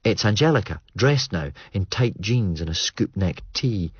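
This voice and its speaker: A man narrating an audiobook in a measured, understated way. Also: fairly low pitch, lively intonation, husky, no room sound. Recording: muffled dry studio read.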